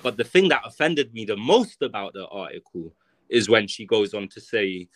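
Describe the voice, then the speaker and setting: A man's voice: fairly low pitch, expressive, moderate pace, no echo. Blunt, profane London man. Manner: blunt, profane, emphatic ranting. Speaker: author and podcast guest. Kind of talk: casual podcast conversation.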